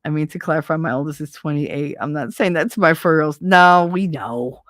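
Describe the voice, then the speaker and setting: A middle-aged woman talks straight to her live-stream viewers in a slightly low voice, recorded close and dry with no room around it. She is blunt, profane and sarcastic, answering comments as they come in and laughing often. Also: fairly quick, fairly bright tone, no room sound.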